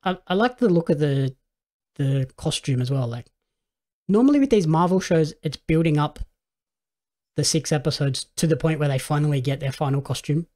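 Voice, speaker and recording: A man's voice: on the high side, moderate pace, mellow. A man hosting a casual podcast chat about films and shows, easygoing and quoting his own reactions. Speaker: podcast host.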